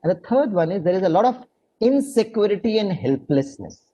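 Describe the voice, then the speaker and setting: A man with an Indian English accent giving an online lecture, telling a story and dropping into low asides. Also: a little fast. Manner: animated, drops to low asides, mixes Hindi phrases. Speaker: guest lecturer. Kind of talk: online lecture with a told anecdote.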